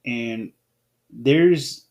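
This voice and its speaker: A man's voice: medium pitch, very slow, darkish tone. A man hosting an unscripted solo podcast, talking in a rambling way and often restarting his phrases. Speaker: podcast host.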